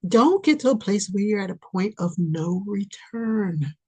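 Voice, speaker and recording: A spiritual podcast host gives an expressive, impassioned reading at a measured pace, pleading and repeating as she veers from loud urging to soft near-whispers. Her medium-pitched voice is slightly rough.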